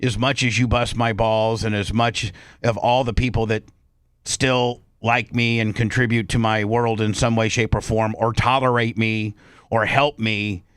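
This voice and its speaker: A man's voice: fairly low pitch, flat delivery, unhurried, fairly bright tone, clean tone, dry recording. A male radio host telling a story in a brash, profane way, acting out both sides of an argument. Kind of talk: casual storytelling on talk radio.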